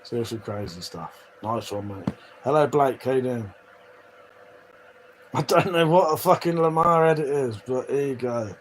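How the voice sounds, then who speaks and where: Speaking at a moderate pace in a medium pitch, a livestream host chats loosely with his audience, swearing frequently and laughing at the comments he reads. Audio is poor, with a faint hiss or hum.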